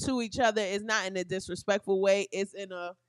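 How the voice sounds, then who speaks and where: A woman's voice: medium pitch, steady tone, a little fast, clear, resonant tone, no room sound. A woman co-hosting a casual podcast, talking freely and laughing often. Her voice sits mid-range and is heard dry and close, with no room sound. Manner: chatty, laughs a lot, joins in on impressions. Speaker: podcast co-host. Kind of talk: casual chat.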